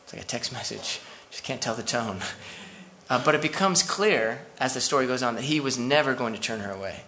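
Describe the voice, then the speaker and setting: A male pastor delivering a sermon in a conversational way, dropping asides to his church as he goes. His voice is gravelly with a bright, forceful edge. A faint noise sits under the recording. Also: medium pitch, lively intonation, brisk.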